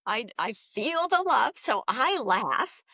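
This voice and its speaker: A woman's voice: a little high, slow, slightly rough, no echo, studio quality. A woman guest talking casually about spiritual teaching, telling stories and laughing often. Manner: laughs often, animated storytelling. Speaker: guest, Akashic Records teacher. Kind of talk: casual spiritual interview talk.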